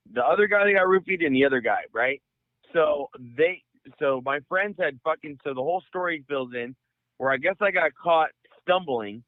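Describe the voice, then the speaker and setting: Young man, from the Bay Area, swearing storyteller, slightly high voice, tinny phone-like sound. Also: no room sound. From San Francisco Bay Area. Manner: profane, rambling, animated storyteller. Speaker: podcast host. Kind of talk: casual storytelling. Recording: dry, phone-like audio.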